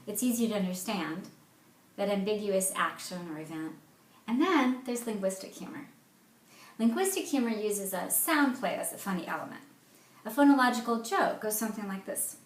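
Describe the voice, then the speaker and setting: A woman giving an explanatory presentation as a therapist, reading jokes aloud with lively, playful emphasis. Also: on the high side, echoey room, slight background noise.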